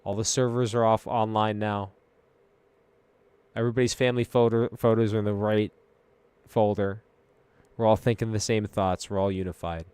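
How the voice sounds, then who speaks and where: A man's voice: fairly low pitch, flat delivery, normal speed, pauses often, smooth, no room sound. Rambling, profane man musing aloud. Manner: rambling, profane, laughing, drifting between mumbles and loud rants. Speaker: streamer host. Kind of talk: casual stoned-sounding philosophical chat.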